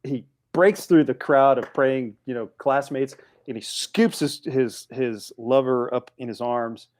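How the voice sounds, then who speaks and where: A man in his forties, a podcast guest telling a story in a casual, animated way with frequent restarts. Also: mid-range voice, measured pace. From United States.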